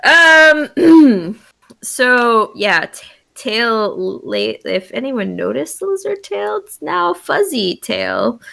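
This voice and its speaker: High, slow-talking woman player. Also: animated, gravelly, fairly bright tone. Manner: hesitant, halting with fillers. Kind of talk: casual tabletop play.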